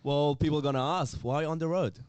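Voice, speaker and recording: A man's voice: fairly high pitch, fairly even intonation, brisk, a little mellow, clear, resonant tone, dry recording. A man from Iran, co-hosting a podcast in casual chat and laughing often. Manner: laughs often, playful banter. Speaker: podcast co-host. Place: Melbourne.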